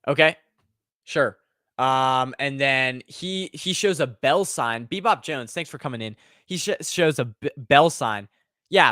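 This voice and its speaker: A man's voice: medium pitch, bright, forceful tone, dry recording, clean studio sound. A young man hosting a sports livestream, rambling casually and reading viewer chat aloud. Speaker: sports podcast host.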